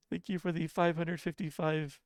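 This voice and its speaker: Livestreamer, casual chat with viewers, self-deprecating, frequent laughter, smooth voice, middle pitch. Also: no echo. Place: home apartment.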